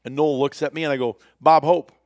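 A man's voice: medium pitch, steady tone, very fast, a little mellow, no room sound. A man hosting a casual talk show, telling a long story with lots of laughter and acted-out quotes. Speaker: podcast host.

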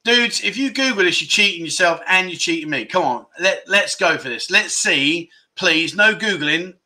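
A man hosts a relaxed livestream, bantering and joking as he reacts to viewers. His voice sits fairly high with a bright, forward edge. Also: normal speed. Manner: chatty, jokey, reads viewer comments aloud. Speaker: livestream host. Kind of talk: casual livestream chat.

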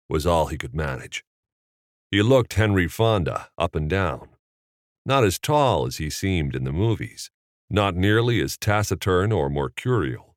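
Casting: deep-voiced male narrator, expressive reading with lively pitch, dry studio sound. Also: a little slow, no echo. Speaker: audiobook narrator. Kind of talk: scripted narration.

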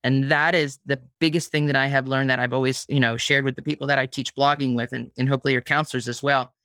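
A woman's voice: extremely low pitch, steady tone, fast talker, fairly bright tone, dry recording, studio quality. A woman guest on a podcast interview, talking casually about her craft, with frequent restarts and repeated words. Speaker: guest, blogging teacher.

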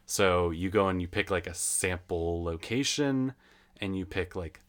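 A man chatting casually, telling stories from his old jobs in a lively way, swearing now and then. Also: sits low, measured pace. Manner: animated storytelling, swears, acts out customers. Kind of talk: casual chat.

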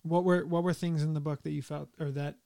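Male host, interview; mellow and monotone, short prompts, dry close sound. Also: fairly high pitch, a little fast, creaky, clear, resonant tone, no echo. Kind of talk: conversational interview.

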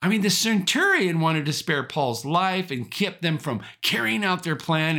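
A male pastor delivering a sermon in a high, bright register. His pitch swings widely as he drives home repeated encouragements. The delivery is emphatic, with the odd chuckle along the way. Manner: emphatic, repeating rallying phrases.

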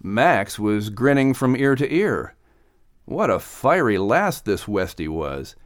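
A man narrating an audiobook with expressive storytelling. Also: lowish voice, slow pace, no echo, clean studio sound.

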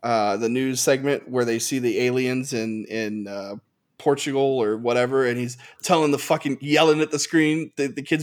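A man co-hosting a podcast in casual chat who rants in an animated way and swears freely. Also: medium pitch, normal speed. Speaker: podcast co-host.

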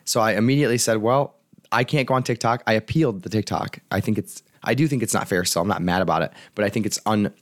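A man's voice: fairly low pitch, fast, hardly any pauses, dry recording, clean studio sound. A man hosting his own life coaching podcast, talking casually, swearing and laughing now and then. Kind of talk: casual solo podcast talk. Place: home apartment.

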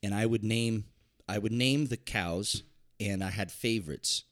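A man chatting casually as a podcast co-host, telling a story in a relaxed, conversational way. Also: on the low side, unhurried. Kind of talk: casual chat.

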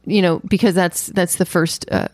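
A woman co-hosting a podcast, chatting in an animated, storytelling way. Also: fairly low pitch, moderate pace, no echo, studio quality. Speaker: podcast co-host. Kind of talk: casual chat.

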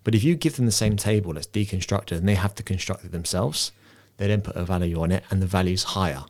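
A man's voice: deep voice, fast, a little mellow. A man hosting a casual podcast chat, explaining ideas and often restarting his sentences.

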